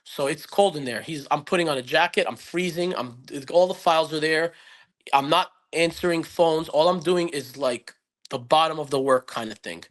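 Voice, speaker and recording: A man with a fairly high voice talks at a normal speed as a podcast guest. He tells a personal story earnestly and reflectively, rambling and restarting often, in the manner of casual interview storytelling.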